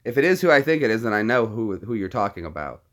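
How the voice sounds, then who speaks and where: A man's voice: on the low side, very animated, fast. A man casually chatting with his live-stream viewers between impressions, rambling and friendly. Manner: chatty, rambling, talks to chat.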